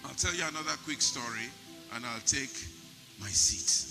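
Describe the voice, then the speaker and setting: Pastor preaching a funeral sermon. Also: male voice, medium pitch, animated, normal speed, vocal fry, over music. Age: older. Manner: preaching with emphatic repetition.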